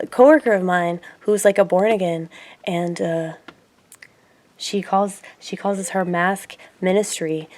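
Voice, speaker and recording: A woman chatting casually on her own video channel, rambling and laughing often, her voice swinging from loud asides to quiet murmurs. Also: lowish voice, slight background noise. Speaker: YouTuber. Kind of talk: casual vlog chat.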